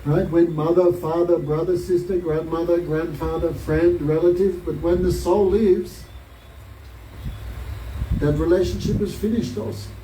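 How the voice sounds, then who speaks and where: A man with a high, mellow voice tells a devotional story in a class and keeps asking his listeners questions. He is picked up from a distance in a roomy space with faint noise behind him. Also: steady tone, unhurried. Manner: storytelling with frequent rhetorical questions. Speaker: spiritual teacher.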